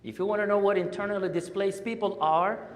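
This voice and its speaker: A man giving an impassioned Friday sermon as a guest speaker at a mosque, swinging between loud urging and hushed pauses. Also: high voice, fairly even intonation, slight background noise. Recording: long hall reverb.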